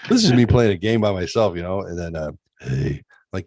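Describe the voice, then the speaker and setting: A man's voice: sits low, animated, a little fast, hardly any pauses, darkish tone, no echo. A middle-aged man hosting a casual talk show, rambling and joking crudely about his kids and streaming. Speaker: podcast host. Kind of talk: casual chat.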